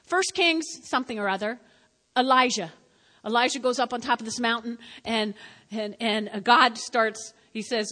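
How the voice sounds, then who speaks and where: A woman pastor delivers an animated sermon, hammering home her points by repeating them. Her voice sits high and rings bright. A long reverb from a church hall trails behind every phrase. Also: moderate pace. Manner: emphatic and repetitive, addressing the congregation directly; animated, with sudden swings between loud and quiet.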